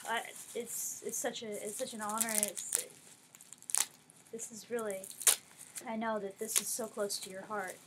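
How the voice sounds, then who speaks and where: A woman unboxing gifts in a casual vlog, gushing over each one and dropping to a softer tone when she explains. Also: mid-range voice, fairly even intonation, unhurried, long pauses, noisy background. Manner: gushing, effusive. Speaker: vlogger.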